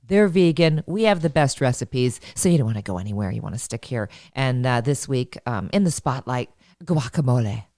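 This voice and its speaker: A woman's voice: extremely low pitch, lively intonation, a little fast, hardly any pauses, darkish tone, no room sound, studio quality. A woman co-hosting a comedic chat show, joking and laughing through her sentences. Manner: jokey, laughs often mid-sentence. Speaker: podcast co-host.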